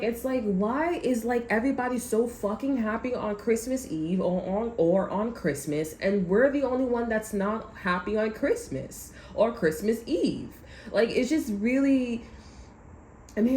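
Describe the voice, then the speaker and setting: A woman's voice: mid-range voice, darkish tone. A woman doing a casual vlog rant as a tarot reader, rambling, swearing and laughing often. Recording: echoey room with faint noise.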